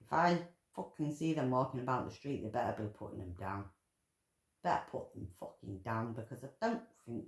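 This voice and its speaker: A woman ranting in angry commentary, full of swearing and emotional outbursts. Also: rumbling low. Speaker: vlogger commentator. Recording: echoey room.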